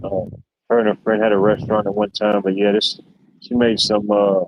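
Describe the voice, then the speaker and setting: Male host, low-pitched, easygoing rambling chat, muffled lo-fi stream sound. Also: flat delivery, brisk, noisy background. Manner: rambling, laid-back storytelling with many fillers. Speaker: livestream show host. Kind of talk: casual chat. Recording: dull lo-fi stream audio.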